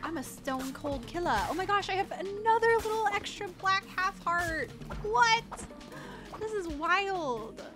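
A woman host giving chatty, excitable gameplay commentary to her viewers. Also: extremely high pitch, measured pace. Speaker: gaming channel host. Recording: game music behind voice. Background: game music.

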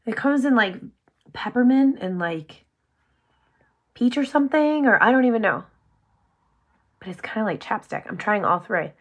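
A woman hosting a casual makeup tutorial, bubbly and chatty, full of "like", often dropping to a soft whisper. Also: fairly high pitch, lively intonation, normal speed, long pauses, lo-fi sound. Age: adult with sons. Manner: bubbly, chatty, heavy use of "like".

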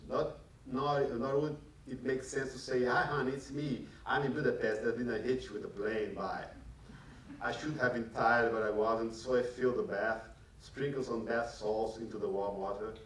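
A man reading his own novel aloud to a live audience at a measured, careful pace, speaking English as a second language. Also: fairly low pitch. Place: large library hall at a public event. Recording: echoey hall, distant mic, faint noise.

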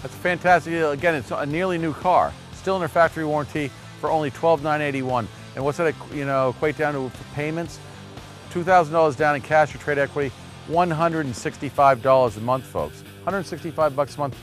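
A man's voice: on the high side, a little fast, faint music behind. A man hosting a local TV car-sales show at a dealership, chatty and folksy, with many fillers.

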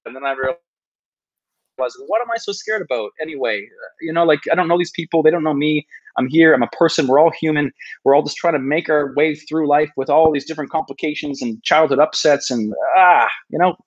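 The guest, a travel video creator in his thirties, has a slightly high voice and a brisk pace, captured on a podcast mic with dull audio. Casually interviewed, he tells his story with earnest self-deprecation and keeps restarting sentences.

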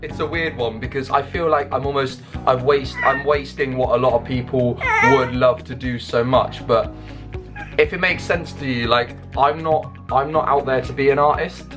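A young English man talking casually and jokingly at home, rambling with quick restarts and poking fun at himself. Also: mid-range voice, steady tone, music in the background. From England. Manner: jokey, rambling, self-mocking, with quick restarts. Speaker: YouTuber and songwriter. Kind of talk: casual Q&A vlog.

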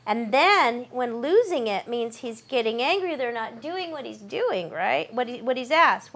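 A woman's voice: high-pitched, big pitch swings, fairly bright tone. A woman coaching a voice actor through a live audition read, chatty and encouraging. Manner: chatty and encouraging, quick asides and laughs. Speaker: voice-over coach. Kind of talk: directing a live audition session.

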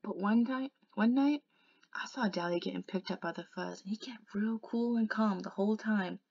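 A woman's voice: medium pitch, moderate pace, creaky, a little mellow, no room sound. A woman voicing a frightened teenage boy on the run, speaking in a trembling, pleading way that sometimes drops to a whisper. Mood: earnest. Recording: dull lo-fi recording.

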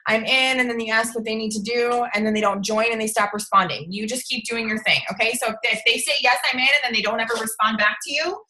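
A woman's voice: a little high, quick pace, few pauses, bright, forceful tone, rough recording. A woman giving casual coaching to a sales team over a livestream, chatty and bubbly, often checking in with "okay?".

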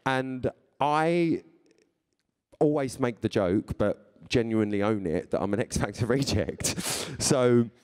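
A radio and TV presenter in his thirties speaks slowly to a live audience, reading tweets aloud in a playful, chatty way and often laughing. His medium-pitched voice is darkish, clear and resonant.

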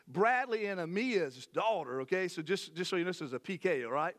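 A middle-aged man, preaching a sermon to his church in a folksy, animated way with many restarts. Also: sits high, brisk, few pauses. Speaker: pastor. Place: church sanctuary.

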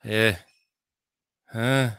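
A middle-aged man, a musician guest in a casual interview, answering thoughtfully and telling jokes with a wry, deliberate timing. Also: on the low side, flat delivery, vocal fry, fairly bright tone, clear, resonant tone, dry recording, studio quality. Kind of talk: casual conversation.

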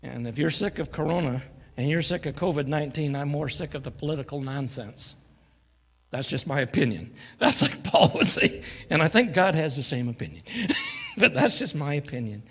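A man delivers a folksy sermon, jokes and laughter mixed in with his scripture reading. His voice sits a little high for a man. The church live stream carries a long reverb from the sanctuary. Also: huge pitch swings, fairly quick, a bit bright, husky. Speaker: guest preacher.

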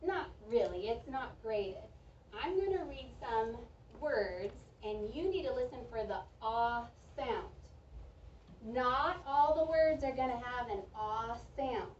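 A woman teaching a reading lesson to a young class, speaking slowly and clearly and praising the children's answers. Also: on the high side, expressive, a little hiss or hum. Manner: slow, clear, encouraging teacher talk with drawn-out words. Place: school classroom. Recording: echoey, distant, dull classroom recording.

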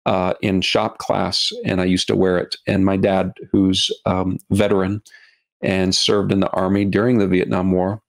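Middle-aged male guest, low gravelly voice, earnest, halting, repeats words. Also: little pitch movement. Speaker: guest, documentary filmmaker. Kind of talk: podcast interview.

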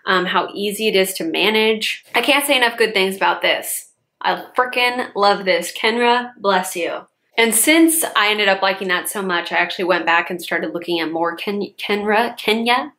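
A woman's voice: mid-range voice, normal speed, pushed and bright. A young woman in her twenties, a chatty beauty vlogger reviewing hair care products with lots of casual fillers.

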